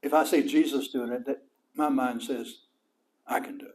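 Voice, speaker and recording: A middle-aged man with a West Texas accent preaching a sermon as pastor, folksy and animated, his voice rising high for emphasis. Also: moderate pace.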